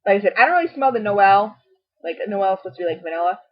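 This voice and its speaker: A middle-aged beauty and home product vlogger gushes through a casual product review to camera, talking fast with a mid-range, expressive voice. She's chatty and full of asides. The audio is dull, lo-fi home video sound.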